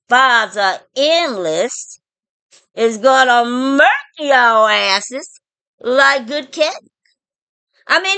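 High-pitched taunting woman ranting slowly. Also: bright, forceful tone, dry recording. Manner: taunting, preachy, often breaks into laughter; repeats "all right?" to address listeners. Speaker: online commentator. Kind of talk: profane ranting monologue.

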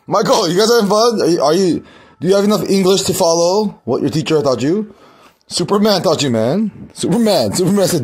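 A man rambling in a casual vlog, excitable and profane, laughing often. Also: high voice, normal speed, slightly rough.

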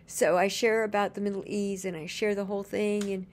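A woman's voice: mid-range voice, flat delivery, a little fast. A woman telling a personal story in a casual, earnest and gushing way, chaining events with "and then" as she rambles along.

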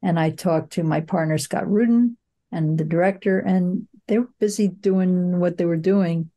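Older woman, producer guest in an interview, low warm voice, reflective and anecdotal, unhurried with fillers. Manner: reflective, storytelling with frequent fillers. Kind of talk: conversational interview.

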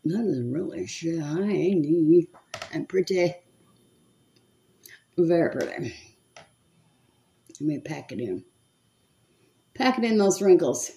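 A woman's voice: sits low, lively intonation, measured pace, mellow. A woman in her seventies doing her makeup on camera, chatting to her viewers and muttering to herself as she works. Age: 70s. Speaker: makeup vlogger. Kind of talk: casual chat while doing makeup.

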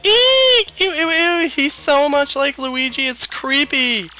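A man's voice: takes it slowly, sharp tone, faint music behind, heavily acted. A man doing a squealing lovestruck girl. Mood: horrified. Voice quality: squealing falsetto, shrieky. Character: gushing, lovestruck young girl fan.

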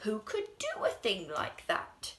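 A woman's voice: mid-range voice, huge pitch swings, takes it slowly, fairly bright tone, exaggerated voice. A woman voicing a poor old shoemaker in a children's story, speaking in a wondering, marvelling tone. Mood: amazed.

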